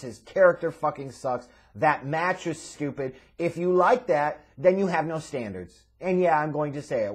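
A man's voice: on the high side, breathy edge. A man reviewing a wrestling show in a profane, sarcastic, exasperated rant. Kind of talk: ranting video review.

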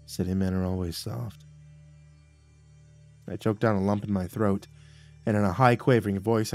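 A man's voice: fairly low pitch, fairly even intonation, normal speed, pauses often, dry recording, soft background music. Dramatic man narrating a horror story. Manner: dramatic, jumps between hushed and loud. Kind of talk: scripted first-person horror narration.

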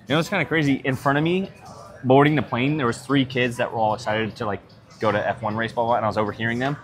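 A man's voice: medium pitch, steady tone, quick pace. A young man chatting casually in a pub on a live stream, joking and swearing a lot. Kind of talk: casual chat. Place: Irish pub.

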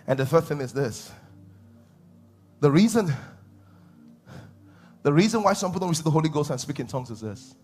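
Animated pastor, husky voice. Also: male voice, on the high side, brisk, pauses often, soft background music. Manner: animated preaching with laughs and acted-out asides. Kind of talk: sermon. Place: church hall.

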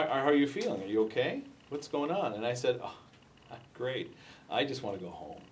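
A man's voice: mid-range voice, a little hiss or hum. Guy telling a story to a room, acts out the dialogue, recorded kinda far off. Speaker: speaker giving a book talk. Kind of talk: storytelling talk to a group. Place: meeting room before a live group. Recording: voice from far off the mic.

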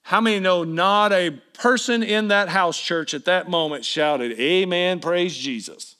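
Bright high-voiced preaching pastor. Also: male voice, a little slow, clean tone. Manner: emphatic preaching, swings between loud appeals and hushed asides; talks directly to the congregation with questions. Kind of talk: sermon.

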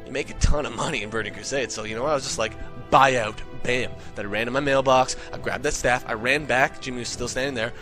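An excitable man tells a comic story in a ranting, profane monologue. His voice is bright and forceful, at a middle pitch. Faint music plays behind him. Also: fast, few pauses. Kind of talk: comedic monologue.

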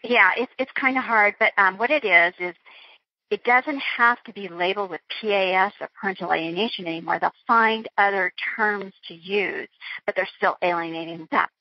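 A woman's voice: mid-range voice, normal speed, dry recording, lo-fi sound. A woman being interviewed, recounting a personal ordeal in an earnest, flowing way with frequent restarts. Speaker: interview guest.

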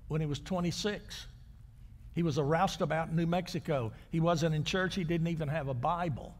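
An older male pastor preaching a sermon, telling stories and moving between loud, raised lines and quiet, hushed ones. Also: fairly high pitch, in a large hall. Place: church sanctuary.

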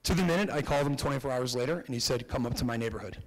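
Young American man, mid-pitched, lively storytelling keynote with quoted voices, long hall reverb. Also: racing. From Connecticut, USA. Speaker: keynote speaker. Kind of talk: storytelling talk.

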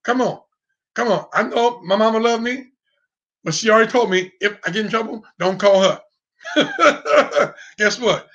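A man's voice: sits high, expressive, a little slow, a bit bright, muffled recording. A man preaching an online sermon, fiery, with call and response and sudden whoops. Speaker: pastor.

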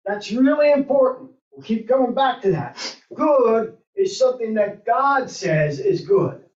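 A woman's voice: fairly high pitch, lively intonation, measured pace, darkish tone. A woman teaching an adult Sunday school class, asking the group questions and thinking aloud as she goes. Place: church classroom. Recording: roomy, distant and dull.

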